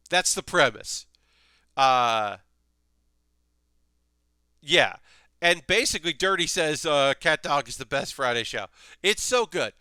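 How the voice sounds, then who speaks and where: A young man talks through his picks in a loose, animated ramble, full of fillers and restarts. His voice is bright and smooth and sits a little high. The sound is dry and close. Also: no echo. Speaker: anime video host. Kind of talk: casual commentary.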